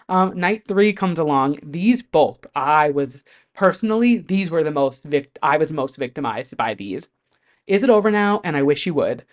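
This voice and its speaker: A host chatting casually to camera about pop music, talking in an animated way with lots of fillers and some swearing. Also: mid-range voice, normal speed.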